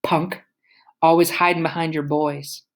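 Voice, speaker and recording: A woman gives voice to a grown man in a storybook, a father standing up to a bully with defiant, taunting words. His tone is low. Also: level tone, a little slow.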